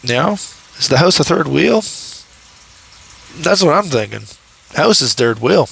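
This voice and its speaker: A man's voice: on the high side, big pitch swings, unhurried, gravelly, a bit bright, husky, poor audio. A young man talking through a show episode by episode in a loose, casual way. He rambles, trips over his words and restarts, and laughs often along the way. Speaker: host reviewing a show. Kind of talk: casual commentary.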